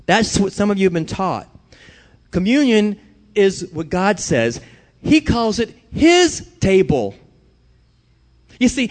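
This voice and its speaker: A middle-aged man preaching a sermon to his congregation, conversational at times and rising to emphatic declarations at others. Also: high voice. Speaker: pastor.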